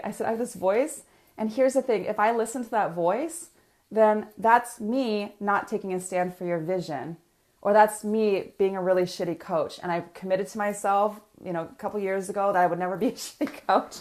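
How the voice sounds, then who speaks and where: A woman's voice: medium pitch, steady tone, moderate pace, darkish tone. A woman business coach, talking energetically to viewers in a live coaching session and reading out their comments.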